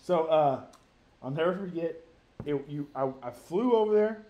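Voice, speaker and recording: A man in his thirties telling a story to a friend on a podcast, animated and profane, rambling with many restarts. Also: a little high, moderate pace, muffled recording. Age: 30s. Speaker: podcast co-host. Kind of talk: casual storytelling among friends.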